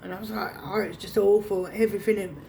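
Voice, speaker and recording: A woman's voice: medium pitch, little pitch movement, a little fast, vocal fry, mellow, a little hiss or hum. A woman telling a painful personal story to camera, emotional and reenacting her own past words. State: choked up. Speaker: vlogger.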